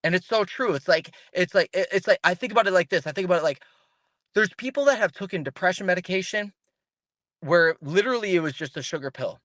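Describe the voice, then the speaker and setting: Speaking fast in a high voice, a man appears as a podcast interview guest, keeping things relaxed and animated. He keeps restarting sentences and mimics the people he quotes, all on a dry recording.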